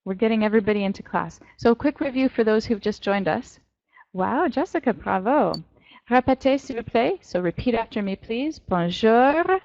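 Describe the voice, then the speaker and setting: A middle-aged woman teaching a French class online, encouraging and drilling pronunciation slowly. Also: fairly high pitch, a little mellow, slight background noise. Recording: dull, dry lo-fi audio.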